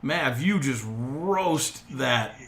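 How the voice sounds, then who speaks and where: A man's voice: mid-range voice, lively intonation, drawn-out words, creaky, over a noisy crowd. A man narrating as game master of a tabletop game, with loose, laughing asides.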